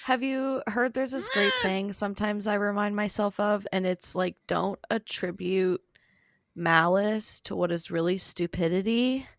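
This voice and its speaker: Upbeat slow-talking woman co-host. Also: mid-range voice, lively intonation, no echo, clean studio sound. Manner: upbeat, encouraging, giggly. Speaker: podcast co-host. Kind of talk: casual chat.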